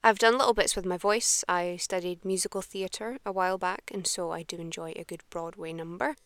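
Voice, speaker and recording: A woman's voice: lowish voice, fairly even intonation, fairly quick, clean tone, no room sound. A woman with an Edinburgh Scottish accent, a voice actor giving a chatty, self-assured introduction for her voice demo. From Scotland.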